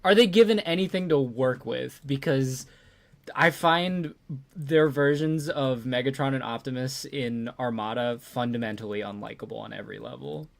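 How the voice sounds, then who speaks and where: A man's voice: mid-range voice, moderate pace, creaky. A man in casual stream chat, asking curious questions, laughing easily and giving short replies.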